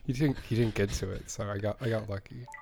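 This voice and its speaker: A man's voice: on the low side, fairly even intonation, fast talker, creaky, a little mellow. A man in a game voice chat, playing along with a joke and laughing often.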